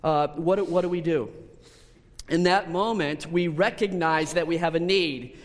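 A man preaching a sermon, telling a personal story with lively repetitions and restarts. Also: fairly high pitch, unhurried. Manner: storytelling, animated, with repeated words and restarts. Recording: long hall reverb.

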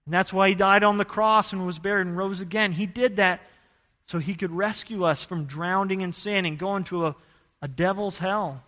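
A man from Idaho preaching a sermon, telling a personal story in an earnest voice that rises to loud, urgent bursts. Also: high-pitched, fairly even intonation, moderate pace, big-room sound.

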